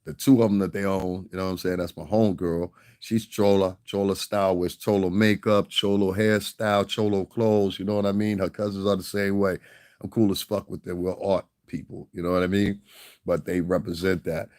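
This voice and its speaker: A man's voice: deep voice, level tone, a little fast, a little mellow. A man from the Northeastern US vlogging in a casual monologue, rambling and profane and chuckling often.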